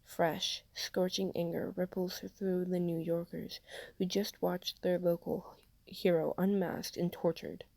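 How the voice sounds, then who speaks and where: A woman reading fan fiction aloud as an audiobook, softly, often dropping into a half whisper. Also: fairly low pitch, flat delivery, unhurried, creaky, no room sound. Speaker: podfic reader. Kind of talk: fanfiction audiobook narration.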